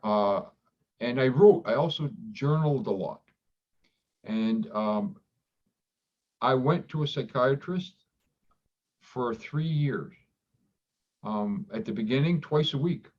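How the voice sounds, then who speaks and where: A man of middle pitch talks candidly as a guest, thoughtful and halting, often restarting his sentences. He livens up when acting out remembered exchanges. The audio sounds dull and lo-fi. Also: expressive. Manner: reflective, halting with many restarts; acts out quoted dialogue with livelier voice. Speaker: doctor in recovery, guest. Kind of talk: candid interview conversation.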